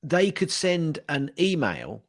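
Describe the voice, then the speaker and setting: A man co-hosting a podcast in casual chat, rambling and teasing with plenty of halting fillers. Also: fairly high pitch, wildly swooping pitch. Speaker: podcast co-host.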